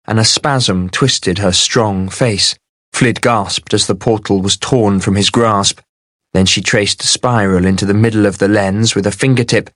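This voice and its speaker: A man with a fairly low voice reads a fantasy novel aloud in a steady, measured way. The sound is dry and close, with no room around it. It is a plain audiobook narration. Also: dry recording.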